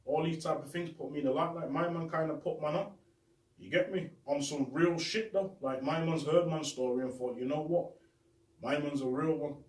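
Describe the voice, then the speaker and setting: A man's voice: fairly high pitch, fairly quick. Young man, roomy distant phone audio. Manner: street slang, repetitive, heartfelt. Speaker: show host. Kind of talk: casual shout-out monologue. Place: bedroom. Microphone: phone camera.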